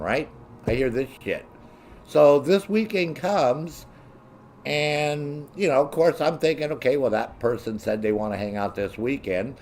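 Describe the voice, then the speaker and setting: A man hosting his own show delivers a blunt, profane rant, mimicking other people in a raised voice. His medium-pitched voice is slightly mellow and measured in pace, with a little background noise.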